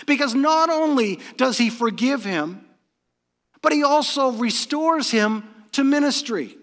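A pastor from New England preaching a morning sermon, retelling scripture as an animated story. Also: male voice, extremely high pitch, a little slow, big-room sound.

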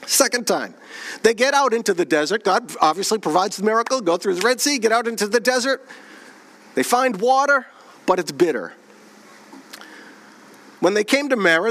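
A man preaching a sermon, reading scripture aloud, asking the congregation questions and slowing down on key phrases. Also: a bit bright. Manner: slows and drops low on key phrases. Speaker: pastor.

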